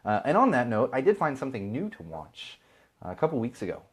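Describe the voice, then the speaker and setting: A man's voice: mid-range voice, wildly swooping pitch, quick pace, husky. A man in his thirties hosting a podcast, chatting casually and ranting with sarcastic asides. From Chicago, USA. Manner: ranting, sarcastic asides, mimics other people. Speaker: podcast host. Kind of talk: casual live-stream chat.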